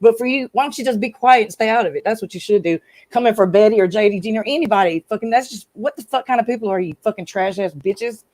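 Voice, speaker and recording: A woman's voice: on the high side, very fast, few pauses, a little mellow, no room sound, rough recording. Woman from Arkansas, livestream host, angry profane rant, dry close sound. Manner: angry, profane, talks straight to chat viewers.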